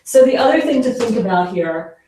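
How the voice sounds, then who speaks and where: A woman's voice: fairly high pitch, animated, brisk, dark tone, a little hiss or hum. Chatty woman speaking in a very echoey room. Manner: chatty, lots of fillers, acts out quoted lines. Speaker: parenting educator giving a workshop. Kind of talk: casual workshop talk to parents. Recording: very echoey room, mic far off.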